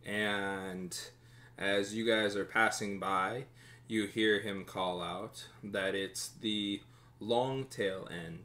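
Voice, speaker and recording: Slow, bright-voiced male game master. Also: on the low side, fairly even intonation. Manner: slow, descriptive narration trailing off quietly. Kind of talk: narrating a tabletop game.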